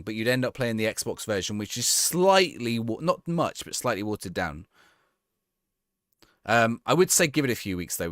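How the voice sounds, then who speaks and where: A man streaming a game from home, reading viewers' questions aloud and answering them in loose, offhand chat. His pitch swings up and down in a lively way, and he often breaks off and restarts his sentences. The sound is close and dry, with little room around it. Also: no room sound. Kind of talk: casual chat.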